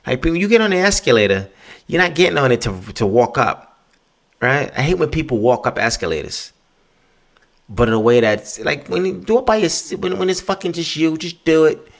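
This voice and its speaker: A man with a fairly high, gravelly voice talks fairly quickly while hosting his own podcast. It's a casual solo rant, profane, rambling, and animated.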